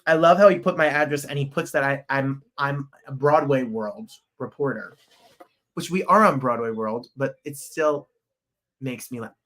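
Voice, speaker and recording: Male podcast host, casual rambling chat, eager and excitable delivery. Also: mid-range voice, moderate pace.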